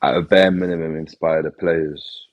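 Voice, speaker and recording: A man on a football panel giving his opinion in a measured, thoughtful way. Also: very deep voice, steady tone, dull audio. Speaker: panel guest. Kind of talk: casual football discussion.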